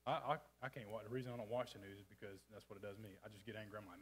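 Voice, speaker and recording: Fast-talking preacher man. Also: medium pitch, poor audio. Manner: folksy, rapid, with frequent restarts and asides. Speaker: church speaker. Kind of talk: casual sermon. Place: church sanctuary.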